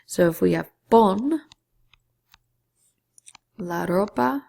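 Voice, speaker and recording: A woman gives a patient Spanish grammar lesson, walking through each rule step by step and slipping into a whisper on key syllables. Her voice is deeply gravelly and dark-toned, and she takes her time. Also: lively intonation, extremely slow. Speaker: Spanish teacher.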